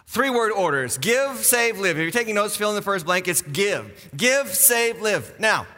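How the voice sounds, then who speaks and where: A middle-aged man, a lead pastor, preaching a sermon in a church with animated jokes and repeated key phrases. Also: high voice, normal speed, faint music behind. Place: church auditorium. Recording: long church reverb.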